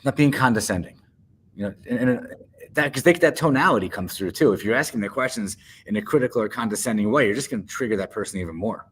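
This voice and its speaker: Lower-voiced man, thoughtful, faint noise. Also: animated, quick pace, a bit bright. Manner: thoughtful, repeats words while forming ideas. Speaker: co-host. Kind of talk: casual podcast chat.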